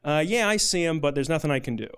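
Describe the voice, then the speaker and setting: A man's voice: a little high, expressive, fast talker, a bit bright, smooth. A man voicing an indifferent young male theme-park worker with an offhand, shrugging manner, inside a live spoken story.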